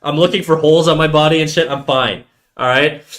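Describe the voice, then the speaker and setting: A man live streaming, telling a story to his chat in a casual, animated and profane way. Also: on the high side, a little fast.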